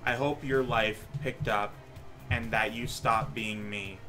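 A man's voice: lowish voice, fairly even intonation, takes it slowly, pushed and bright. Subdued young man over background music. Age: 20s. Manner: subdued, earnest, hesitant. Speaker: vlogger recording a time capsule message. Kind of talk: earnest message to his future self. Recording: old video clip with music underneath.

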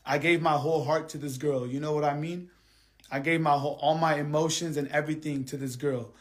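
A man ranting angrily to his livestream viewers. He swears heavily, repeats himself, and swings between quiet, subdued stretches and heated outbursts. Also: a little high, steady tone, a little fast. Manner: angry, heavily profane venting; repetitive, drops quiet then heats up. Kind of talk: live stream rant to viewers.

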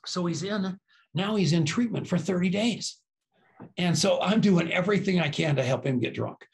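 Older guy telling stories on a podcast, kinda gravelly, does all the voices. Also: high voice, normal speed. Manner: lively anecdotes, acts out quoted voices. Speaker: podcast guest, business co-founder. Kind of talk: animated storytelling.

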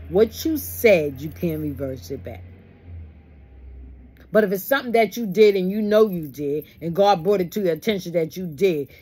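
A woman's voice: lowish voice, a little mellow, breathy edge. A woman leading a Bible study, reading the text and breaking into folksy, preachy asides. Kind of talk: conversational Bible study teaching.

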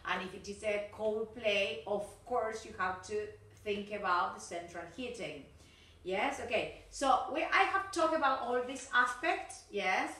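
A woman teaching an English class, slow and patient, often checking in with "yes, okay?". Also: a little high, pushed and bright, distant mic. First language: Spanish. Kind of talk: recorded online class. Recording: roomy, from off-mic.

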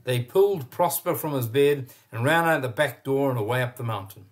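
Man reading a children's story aloud. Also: mid-range voice. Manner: expressive, pauses to point at pictures.

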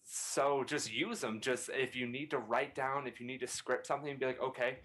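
A man's voice: medium pitch, fairly even intonation, moderate pace, fairly bright tone. A male voice actor on a panel, giving earnest advice and explaining his points with rhetorical questions.

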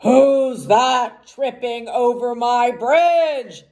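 A mean, ugly bridge troll from a storybook roars his lines loudly and at a slow, heavy pace, as a woman puts him on. The voice booms and sounds menacing. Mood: roaring. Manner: roaring, loud and slow.

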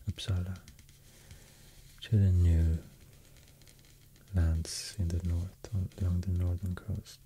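Slow, low whispering Swedish-accented man. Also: a little hiss or hum. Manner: soft, mostly whispered, hesitant with many fillers. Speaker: ASMR host. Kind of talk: soft-spoken ASMR, rambling explanation.

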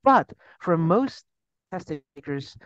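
A man's voice: high-pitched, very animated, slow, no echo. A man with a Chinese accent, a TOEFL teacher explaining in a casual interview, earnest and full of restarts. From China. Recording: dull lo-fi sound.

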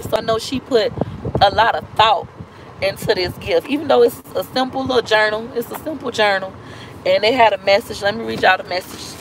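A woman's voice: mid-range voice, slight background noise, rough recording. A woman in her thirties talking candidly in a personal vlog, emotional, repeating herself and acting out what others said. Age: 30s. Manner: emotional, repeats herself, acts out quoted speech. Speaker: vlogger.

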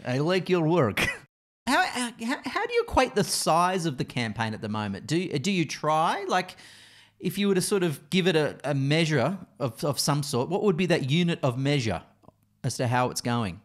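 Lively, halting male co-host questioner. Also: a little high. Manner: curious, hesitant questioner. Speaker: podcast co-host. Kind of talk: casual podcast chat.

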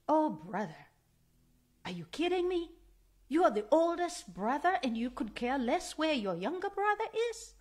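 A woman's voice: sits high, big pitch swings, unhurried, darkish tone. A woman preaching a sermon in an earnest, emphatic way, repeating key phrases for stress.

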